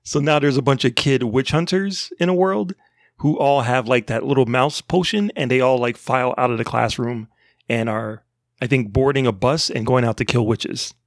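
Rambling mid-pitched man, dry sound. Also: moderate pace, no room sound. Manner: rambling, laughs often. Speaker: podcast co-host. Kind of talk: casual movie review chat.

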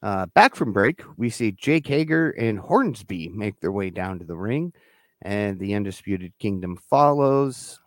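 A man's voice: fairly low pitch, animated, a little slow, no room sound, studio quality. A man co-hosting a podcast, recapping wrestling shows in a laid-back, casual way and laughing easily. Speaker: podcast co-host.

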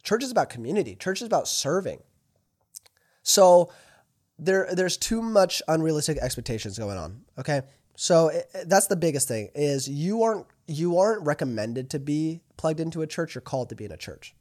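A man's voice: fairly high pitch, sing-song, moderate pace, a little mellow. A man hosting a faith podcast, talking directly and earnestly to listeners and acting out both sides of imagined conversations. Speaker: podcast host. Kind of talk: preachy podcast monologue.

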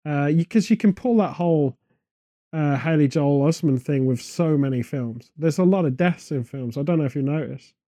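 Man, comedic podcast rambler, mellow voice, slightly raised pitch, dry close sound, deadpan tangents. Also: normal speed, no echo. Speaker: podcast co-host.

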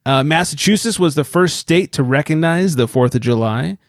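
A man's voice: on the high side, animated, normal speed, dry recording, clean studio sound. A man co-hosting a podcast in casual chat, joking and rambling and swearing now and then. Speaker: podcast co-host.

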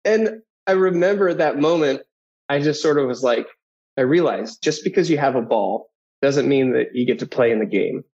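A man in his thirties, a guest telling personal stories in an animated way, who often acts out the voices of people in his anecdotes. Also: medium pitch, normal speed. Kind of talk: personal storytelling. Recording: dull lo-fi audio.

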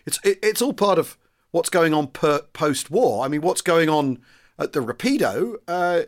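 A man's voice: fairly high pitch, expressive, normal speed. A man offering a thoughtful, reflective view on history in a casual podcast discussion. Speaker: historian guest.

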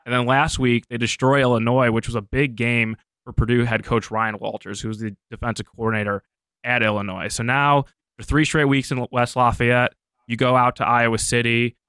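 A man giving steady, detailed sports betting analysis on a studio show. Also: medium pitch, moderate pace, clean tone, no room sound. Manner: steady, informed, methodical.

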